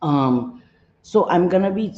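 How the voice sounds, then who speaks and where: A woman's voice: fairly low pitch, expressive, slow, dark tone, roomy sound, dull audio. A woman hosting her livestream, greeting viewers by name and talking earnestly with many ums. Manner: earnest, candid commentary. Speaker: livestream host. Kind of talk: casual livestream chat.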